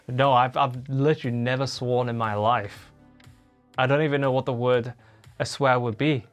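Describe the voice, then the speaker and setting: A woman's voice: a bass voice, steady tone, normal speed, soft background music. A woman live-streaming from a home room, chatting casually and reading viewer comments aloud as she answers them.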